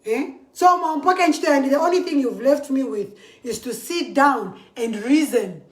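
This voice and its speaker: A woman's voice: high-pitched, moderate pace, roomy sound. A Zambian woman giving an impassioned political monologue, mixing English with a local language and often asking "eh?". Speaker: social media commentator.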